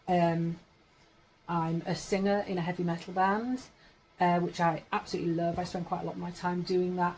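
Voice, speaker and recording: A woman's voice: on the low side, a little mellow, slight background noise, rough recording. A woman in her forties from Yorkshire, England, chatting casually to camera in a rambling way, correcting herself as she goes. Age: 40s. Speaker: vlogger.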